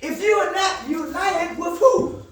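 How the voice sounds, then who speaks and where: Man, high voice, motivational counselor, asks the group to finish his lines, emphatic, distant mic, very echoey room. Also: a little slow, fairly bright tone, slight background noise. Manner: emphatic, often raises voice. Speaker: counselor leading a group session. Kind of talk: motivational call-and-response teaching.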